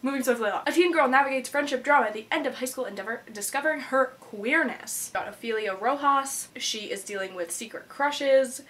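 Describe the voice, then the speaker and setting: A woman's voice: high voice, fairly quick, hardly any pauses, fairly bright tone, slight background noise. A young woman in her twenties chatting casually as a book vlogger, bubbly and gushing, with lots of "like" fillers. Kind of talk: casual chat.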